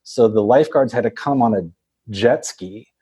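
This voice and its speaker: A man's voice: medium pitch, normal speed, dark tone, breathy edge. A man casually telling a long story, rambling with many fillers and laughing as he goes. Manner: rambling, laughs often, acts out voices of others.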